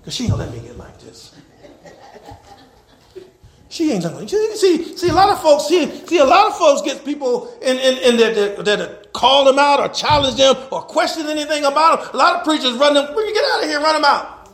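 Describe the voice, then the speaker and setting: A man preaching a sermon as pastor. He swings from loud to hushed and laughs as he preaches. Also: very high-pitched, animated, normal speed, reverberant. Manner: laughs while preaching, acts out quoted voices.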